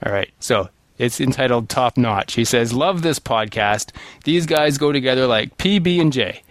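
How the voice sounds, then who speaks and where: A man's voice: medium pitch, lively intonation, moderate pace, no room sound. Laid-back jokey man, dry sound. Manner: laid-back, jokey, reads reviews aloud. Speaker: podcast co-host. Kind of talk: casual podcast chat.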